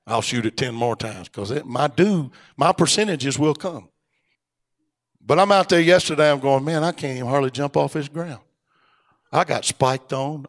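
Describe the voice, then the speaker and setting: A middle-aged man preaching a fervent Pentecostal sermon, rising to loud, high exhortation and dropping to soft asides. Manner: fervent preaching that swells louder and higher, then drops to a soft aside. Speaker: pastor. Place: church sanctuary. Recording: long church hall reverb.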